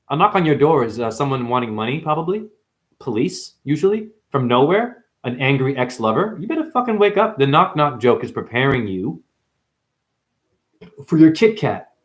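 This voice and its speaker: A man's voice: medium pitch, normal speed, pauses often. A man delivering a rambling, profane spiritual monologue to viewers, calling them "honey.". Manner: animated, profane, calls listeners "honey". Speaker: video monologue host.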